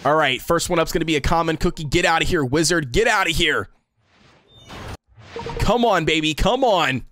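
A young man streaming a mobile game, reacting with loud hype and saying "dude" and "bro" constantly. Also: a little high, moderate pace, faint music behind. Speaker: gaming streamer. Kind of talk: excited livestream gacha reaction.

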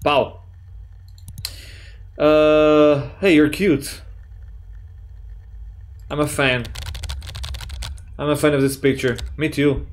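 Male gaming YouTuber, slightly high voice, jokey and profane let's play commentary. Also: drawn-out words, long pauses. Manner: excitable, swears a lot, jokey; reads chat messages aloud in playful voices.

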